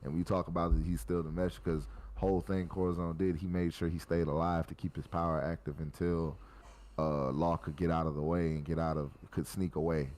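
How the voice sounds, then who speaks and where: A man talking in a rambling, halting way with many fillers, as a podcast co-host in casual chat. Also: low-pitched, level tone, darkish tone.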